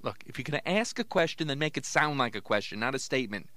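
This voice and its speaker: Punning male ventriloquist host, lively voice. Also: medium pitch, fast talker. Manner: jokey, punning, deadpan straight man. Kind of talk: comedy podcast banter.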